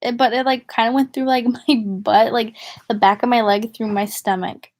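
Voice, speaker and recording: A woman's voice: fairly high pitch, fairly even intonation, normal speed, a little mellow. A young woman from the northern United States chatting casually to viewers on a livestream, rambling and giggly. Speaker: vlogger.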